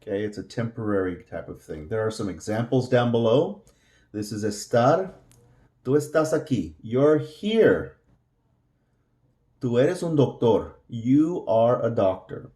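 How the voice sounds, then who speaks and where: Patient male teacher, warm and relaxed tone, repeats words for learners. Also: medium pitch, a little slow, echoey room. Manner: patient, repeats each word several times. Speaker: Spanish teacher. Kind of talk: slow classroom explanation.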